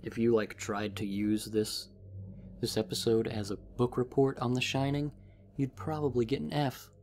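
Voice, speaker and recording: A man's voice: mid-range voice, flat delivery, normal speed, darkish tone, a little hiss or hum. A man rambling casually through a book recap as a vlogger, with many fillers.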